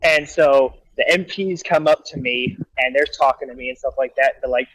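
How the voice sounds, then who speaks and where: A man's voice: medium pitch, moderate pace, no room sound, rough recording. A man casually telling profane, rambling stories about his time as a soldier on a livestream. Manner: animated, profane, rambling with restarts. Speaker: guest storyteller, soldier.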